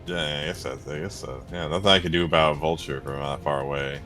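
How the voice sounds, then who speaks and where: A man's voice: extremely low pitch, steady tone, brisk, sharp tone, soft background music. A man playing a tabletop game, speaking in a laid-back, resigned way. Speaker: player.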